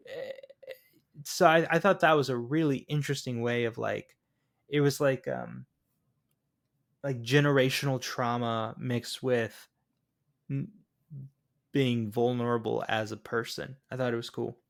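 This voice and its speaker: Man, gravelly voice, casual podcast chat, rambling with lots of fillers. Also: mid-range voice, fairly even intonation, a little slow, long pauses. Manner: rambling, heavy on "like" and "um". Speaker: film podcast co-host. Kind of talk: casual film review chat.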